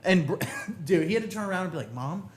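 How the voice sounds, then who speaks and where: A podcast host with a slightly high voice, telling stories in a loose, animated way. He swears freely as he talks. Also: very fast. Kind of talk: casual storytelling chat.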